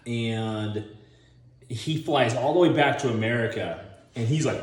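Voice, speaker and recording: A man riffs through a loose, rambling monologue. He keeps chuckling and slips into quick acted-out voices. His voice sits mid-range and bounces around a noticeably echoey room. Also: mid-range voice. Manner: rambling, chuckles often, acts out scenes in voices. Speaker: online video host. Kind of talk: casual movie-pitch monologue.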